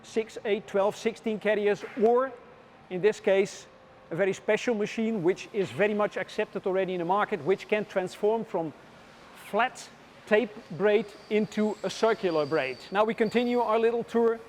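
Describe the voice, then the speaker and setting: A man with a notably high voice leads a tour through a factory floor, explaining the work in a measured, unhurried way. Faint machine noise hums behind him. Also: darkish tone. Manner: explanatory, measured, with frequent "uh" pauses.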